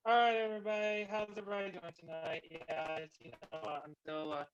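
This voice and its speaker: A man's voice: high voice, a little fast, highs cut off, crowd noise. Hesitant man on a Bluetooth headset. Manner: hesitant, filler-heavy, talks through mic trouble. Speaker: open mic performer. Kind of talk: casual chat on a livestream. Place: home, online livestream. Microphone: Bluetooth headset on a video call.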